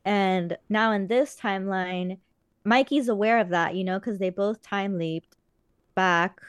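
A woman's voice: mid-range voice, measured pace, smooth, dry recording, studio quality. A woman chatting casually as a podcast co-host, rambling earnestly with many fillers. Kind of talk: casual chat.

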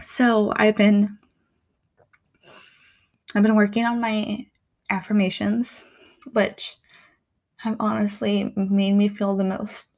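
Young woman, candid vlogger, unhurried delivery, emotional and soft-spoken. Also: medium pitch, creaky. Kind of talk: reflective personal vlog.

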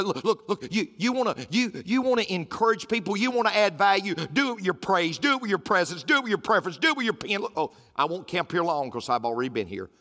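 A man's voice: on the high side, a bit bright. A man preaching a sermon as pastor, emphatic and repetitive, with folksy humor. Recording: roomy hall with faint music.

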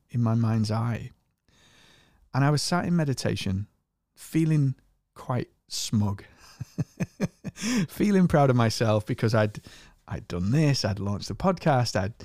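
A man's voice: medium pitch, dark tone, dry recording, studio quality. A middle-aged man with a podcast, earnestly telling a personal spiritual story, often restarting his phrases. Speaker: podcast host.

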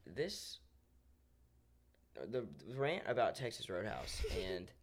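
A woman's voice: rumbling low, very animated, slow. A woman hosting a podcast, chatting in a wry, joking way. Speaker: podcast host. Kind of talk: casual podcast chat.

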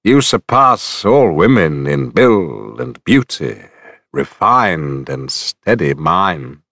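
A man voicing a smooth-talking male suitor who speaks slowly and flatteringly. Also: rumbling low, dry recording, studio quality, pitched below the performer's own voice, exaggerated voice.

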